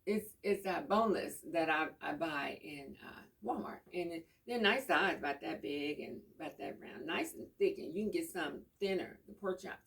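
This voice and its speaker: Casting: middle-aged woman, low gravelly voice, easygoing home chat, mic set back. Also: expressive, moderate pace, few pauses, fairly bright tone. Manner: rambling, homey storytelling. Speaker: vlogger. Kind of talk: casual chat. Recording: voice a bit far from the mic.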